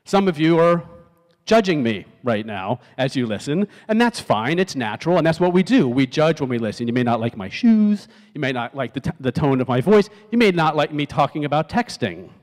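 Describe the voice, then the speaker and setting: A middle-aged man speaking live on stage in a large auditorium, his slightly high voice carrying a long hall echo. He talks conversationally, asks the crowd questions and acts out text messages in different tones. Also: very animated, brisk. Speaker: speaker giving a talk. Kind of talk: live stage talk to a youth audience.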